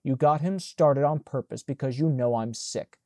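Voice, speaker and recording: A man's voice: mid-range voice, moderate pace, mellow, no echo, studio quality, close to an everyday voice. A man voicing a sickly, self-pitying mother who complains plaintively. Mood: complaining.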